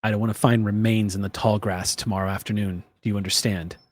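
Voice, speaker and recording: A man's voice: fairly low pitch, flat delivery, fast talker, voice pushed down, natural voice. A man voicing a tough, blunt female camp boss who swears a lot. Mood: gruff.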